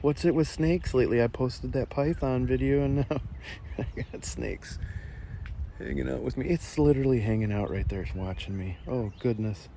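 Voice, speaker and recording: A man's voice: medium pitch, moderate pace, warm tone. A man hosting a casual walking livestream outdoors by a beach lagoon on a plugged-in mic, chatting and answering viewer comments with nervous laughs. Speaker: livestream host. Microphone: plugged-in mobile mic while walking. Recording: outdoor wind and nature noise.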